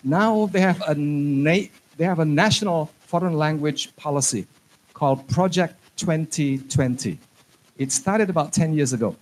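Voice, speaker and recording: A man lectures a room of teachers in a chatty, joking manner. His voice sits a little high for a man, and now and then he slips into phrases. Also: unhurried, a little hiss or hum. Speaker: conference speaker on English teaching. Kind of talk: lecture to an audience.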